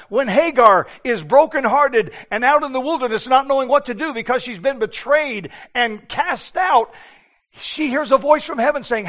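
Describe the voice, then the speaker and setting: Male preacher, high-pitched, fervent sermon delivery with dramatic hushes. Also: expressive, normal speed. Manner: impassioned, shifting between hushed and loud, acts out biblical voices.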